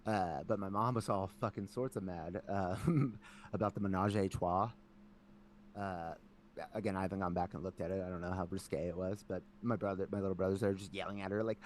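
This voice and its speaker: Lowish-voiced guy cohosting a podcast, animated storyteller, says like constantly. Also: fairly quick, a little hiss or hum. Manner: animated storyteller, lots of "like", acts out family members. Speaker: podcast co-host. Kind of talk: casual chat.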